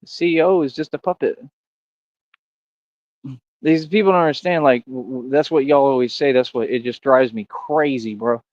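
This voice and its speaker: A man's voice: mid-range voice, normal speed, long pauses, a little mellow, no echo. A man boasts and argues with his livestream chat, confrontational and sure of himself, tossing in "bro" again and again. The audio is dry and a little dull, like a cheap stream mic.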